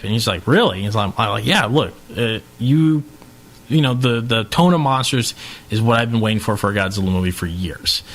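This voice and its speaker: Animated man telling a long story. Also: on the low side. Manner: animated storyteller, acts out quotes, swears. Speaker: podcast co-host. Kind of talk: casual chat, long anecdote.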